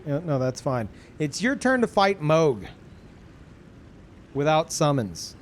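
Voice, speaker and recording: A man's voice: a little high, sing-song, slow, a little hiss or hum. A young man streaming a game, chatting casually with viewers in a laid-back, profane, rambling way. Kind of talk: casual chat with stream viewers while gaming.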